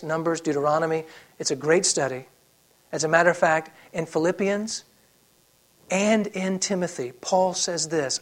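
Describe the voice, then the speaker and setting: Man preaching a sermon with big dynamic swings. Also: fairly high pitch. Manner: preaching with swings from loud emphasis to soft, hushed lines; conversational asides with fillers and restarts. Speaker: pastor.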